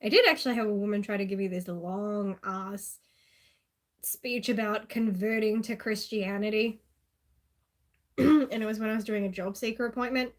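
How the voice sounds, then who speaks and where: A woman's voice: medium pitch, fairly even intonation, normal speed. A woman with an Australian accent chatting casually and sarcastically on a live stream, laughing often.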